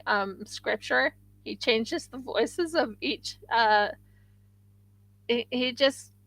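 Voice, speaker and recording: Slow-talking chatty woman host. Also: on the high side, creaky, fairly bright tone, no room sound, low-quality recording. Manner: rambling, chatty, with frequent restarts. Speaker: craft livestream host. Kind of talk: casual livestream chat.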